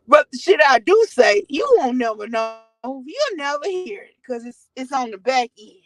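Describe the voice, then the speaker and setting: High-voiced woman telling stories, animated and profane. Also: normal speed, few pauses, poor audio. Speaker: vlogger. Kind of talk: casual storytelling to viewers. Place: in a car.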